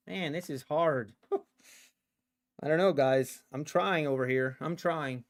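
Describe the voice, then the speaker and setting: A man with a high-pitched voice talks slowly and loosely through a live trading stream. He teases the market in a sarcastic, playful tone and breaks into laughs often. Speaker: day trader streaming live. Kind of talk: casual livestream commentary.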